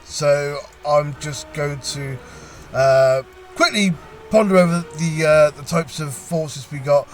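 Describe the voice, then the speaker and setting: A gameplay commentator casually talks through a video game battle, halting often with pauses and restarts in a lightly amused tone. His pitch is fairly high, and faint music plays behind him.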